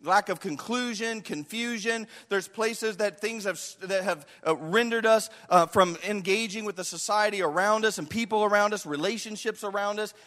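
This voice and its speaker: A man's voice: high-pitched, moderate pace, few pauses, a bit bright, long reverb tail. A male pastor preaching a sermon with passion, acting out the voices of the people in the story.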